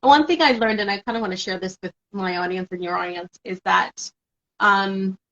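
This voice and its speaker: Expressive woman host, lo-fi sound. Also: medium pitch, normal speed. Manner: emotional, laughing, expressive. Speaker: host of a live series. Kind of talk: casual interview chat.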